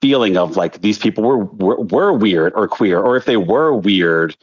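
Man, chatty storyteller, low-ish voice, slightly dull lo-fi audio. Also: moderate pace. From outside Philadelphia, Delaware County. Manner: chatty, animated storytelling with many fillers. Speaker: guest. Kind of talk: casual podcast chat.

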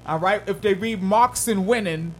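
A man's voice: high-pitched, moderate pace, a little hiss or hum. A man co-hosting a casual political chat podcast, joking and laughing often in loose slangy talk. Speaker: podcast co-host.

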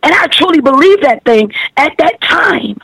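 A woman with a high voice tells a personal faith testimony on a podcast. She speaks earnestly and with emotion, circling back over her words. Her voice sounds close and dry, with no room around it. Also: animated, normal speed, gravelly, a bit bright, no echo, rough recording. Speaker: podcast guest sharing testimony.

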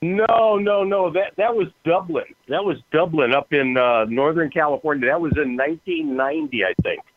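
A man's voice: a little high, moderate pace. A man telling stories in a casual way, laughing and acting out the other voices. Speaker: guest. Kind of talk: casual storytelling. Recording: tinny phone line, dry.

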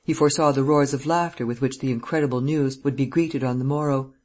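Audiobook narrator, steady measured reading, husky breathy voice, mid pitch. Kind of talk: scripted narration.

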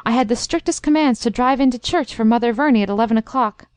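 A woman's voice: on the high side, fast, darkish tone, clear, resonant tone, dry recording, lightly acted. A woman voicing a blustering older male major, a fond uncle who talks formally and teases. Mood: flustered. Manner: formal, bustling, teasing.

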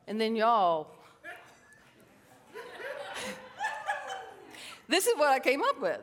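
A middle-aged woman from South Carolina, a psychotherapist giving a lively, self-mocking storytelling talk and calling the crowd y'all. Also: high voice, slow, long pauses. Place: large hall with a stage. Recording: long reverb of a large hall.

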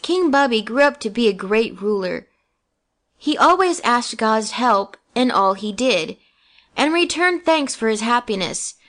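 A woman reads a children's story aloud in a gentle, measured way. Her voice sits a little high and keeps an even storybook cadence. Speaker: narrator. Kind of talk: scripted storybook narration.

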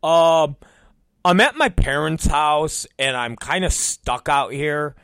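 A man's voice: fairly high pitch, slow, a bit bright, smooth, no room sound. A man voicing a hesitant, mumbling young employee who always needs a favor. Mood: sheepish.

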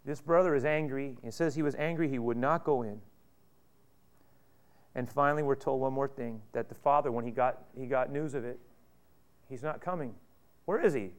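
A man's voice: mid-range voice, normal speed, long pauses, smooth. A male pastor preaching a sermon, retelling a story in a conversational way with rhetorical questions.

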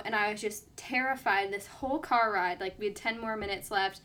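A woman's voice: mid-range voice, brisk, bright, forceful tone. A young woman telling a personal story in casual chat, full of fillers and acted-out quotes. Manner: chatty, lots of "like", quoting others.

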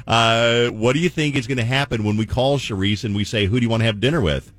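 A man hosting a radio show, chatty and energetic, talking to listeners and callers. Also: medium pitch, quick pace, no echo. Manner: energetic, chatty, acts out voices. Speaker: radio morning show host.

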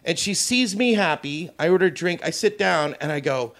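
A man's voice: fairly high pitch, expressive, moderate pace, few pauses, a bit bright. Blunt, profane male comedian. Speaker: comedian guest. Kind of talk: casual chat, storytelling.

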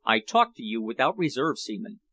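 A man's voice: medium pitch, very animated, normal speed, sharp tone, no echo. A man reading the part of a grave English nobleman who speaks formally and grimly. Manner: formal, grim.

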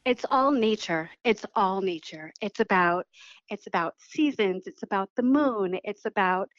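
Woman poet chatting on the radio, lively, laughs a lot, dry close sound, bit muffled. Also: medium pitch, a little slow, no room sound. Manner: animated storytelling, laughs while talking. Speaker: poet and author guest. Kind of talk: radio interview.

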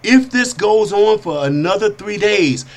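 A middle-aged man hosting a talk show, telling personal stories in an animated, streetwise way with casual slang. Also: high-pitched, unhurried. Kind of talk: storytelling monologue.

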